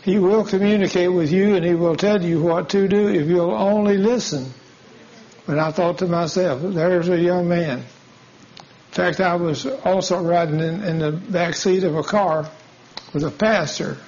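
A high-pitched man preaches in a folksy storytelling manner, acting out every exchange of the conversation. The recording is dull and lo-fi. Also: unhurried, darkish tone. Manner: tells stories acting out dialogue, folksy. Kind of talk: sermon storytelling. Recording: dull lo-fi sound.

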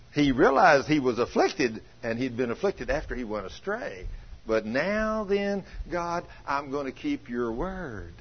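A male pastor with a drawl delivers a homespun sermon, with a husky, slightly raised voice that swings widely in pitch. He murmurs low and then bursts into excited exclamations as he teases his listeners. The recording from the church is muffled and lo-fi. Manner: homespun, teasing the congregation, dropping to a low murmur and rising to excited shouts. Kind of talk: folksy storytelling sermon. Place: church sanctuary.

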